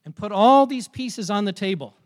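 A man's voice: high-pitched, lively intonation, normal speed. A man voicing a busy young father who is stalling for time over his morning coffee. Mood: coaxing. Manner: weary, stalling.

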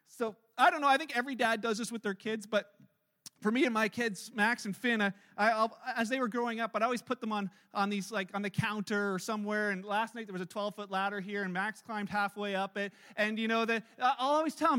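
A middle-aged male pastor with a strikingly high, bright voice preaches a sermon. He tells stories with energy and acts out the people in them, getting loud at the peaks. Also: quick pace. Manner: storytelling, animated, acts out quotes with rising loudness.

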